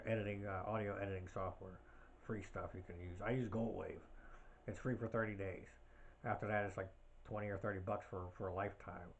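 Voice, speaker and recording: A man with a fairly low voice chats on his own podcast from home. He drifts from topic to topic, stopping often to fill gaps with "uh" and "you know." A faint background noise sits under the recording. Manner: rambling, tangent-filled talk with many fillers. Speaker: podcast host. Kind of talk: casual solo podcast chat.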